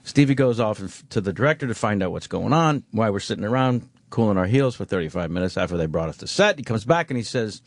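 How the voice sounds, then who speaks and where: A man telling an animated anecdote on a talk show, swearing freely and slipping into voices for the people in it. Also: fairly low pitch, fast talker, few pauses, no echo. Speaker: guest. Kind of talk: storytelling.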